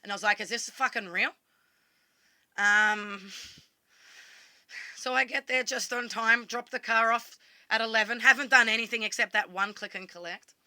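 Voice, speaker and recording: Australian woman vlogger; very bright, sharp tone, dry close mic, blunt storyteller who swears casually. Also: fairly high pitch, fairly even intonation, moderate pace, dry recording. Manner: blunt, swears freely, quotes herself.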